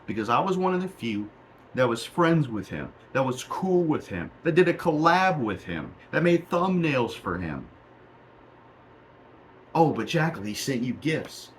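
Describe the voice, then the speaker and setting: A man's voice: fairly high pitch, very animated, normal speed, slight background noise, poor audio. A young man in a heated, profane rant to the camera, recorded on a cheap mic in a small room at home. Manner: profane, heated, repetitive ranting. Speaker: YouTuber.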